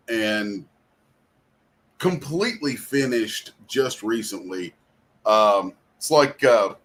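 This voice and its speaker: A man's voice: mid-range voice, a bit bright. A man hosting a casual livestream chat, crude, rambling and self-deprecating. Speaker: host and comic artist.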